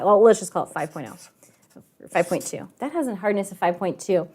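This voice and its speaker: A woman's voice: mid-range voice, expressive, moderate pace. A woman teaching a live online math class, chatty and telling a story, often asking the kids questions.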